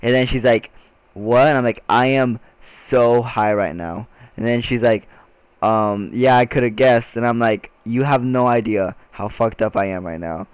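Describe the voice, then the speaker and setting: A man's voice: mid-range voice, moderate pace, clean tone, no room sound. A young man vlogging a casual storytime, rambling with frequent restarts and filler words.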